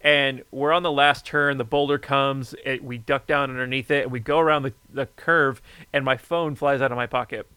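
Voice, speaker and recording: Man, casual chat, animated storytelling, bright and forceful tone, smooth clear voice, dry close sound. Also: medium pitch, moderate pace, few pauses, no echo. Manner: animated storyteller, swears freely.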